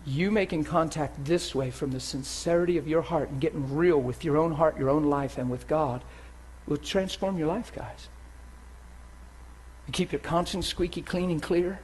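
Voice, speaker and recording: A male preacher with a high voice delivering a lively sermon. He talks to his listeners directly, asks whether they follow, and acts out the voices in their heads. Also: normal speed, breathy edge.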